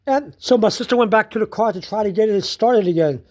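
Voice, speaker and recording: Laughing, slow-paced casual storyteller. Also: mid-range voice, a little mellow. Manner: slow, repetitive telling with frequent laughter. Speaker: storyteller recounting their day.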